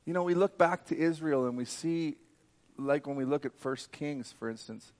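A man's voice: fairly high pitch, normal speed, a little mellow. A man preaching a sermon, fervent and emphatic, telling a personal story.

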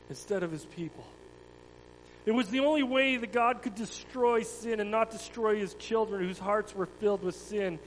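A man reading a children's Bible story aloud to a congregation with dramatic, expressive delivery. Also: sits high. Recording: long hall reverb, faint hum.

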